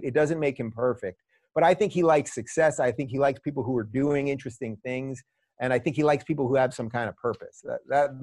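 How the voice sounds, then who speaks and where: A middle-aged man on a podcast, telling stories in a lively, casual way. His voice sits a bit higher than most men's, and he often restarts his phrases with a repeated word. The sound is close and dry, with no room around it. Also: no room sound. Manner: animated, repeats words at the start of phrases. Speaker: podcast guest. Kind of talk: casual storytelling. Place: lives in a large US city.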